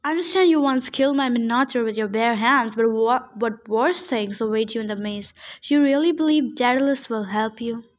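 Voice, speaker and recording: A woman reading the part of a malicious old male ghost king, speaking slowly and mockingly. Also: a little high, natural voice. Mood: sneering. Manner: slow, sneering, mocking. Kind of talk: audiobook character reading.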